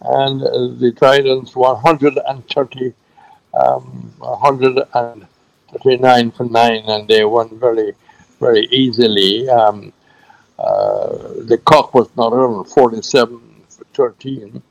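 A man presenting cricket scores on a radio show, halting, with many fillers, repeating figures slowly. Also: medium pitch, vocal fry, dry recording, poor audio. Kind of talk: radio sports news segment.

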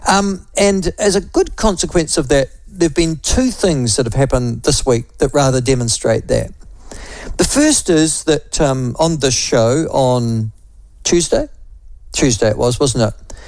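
A male talk radio host with a New Zealand accent delivers combative, sarcastic opinion, full of mocking asides and self-corrections. His voice sits in a middle pitch. The studio sound is dry and close. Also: a little mellow, no echo. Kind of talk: opinionated political commentary.

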